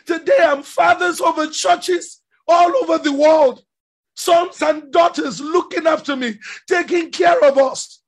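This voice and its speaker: A man preaching a sermon with passion, often shouting. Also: extremely high pitch, fairly even intonation, unhurried. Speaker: pastor.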